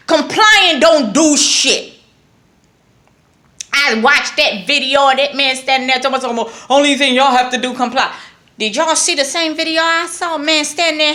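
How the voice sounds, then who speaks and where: The speaker is a woman vlogger from New York whose high, sharp voice carries a New York accent. She addresses her viewers with an emphatic, blunt political rant, repeating lines for emphasis.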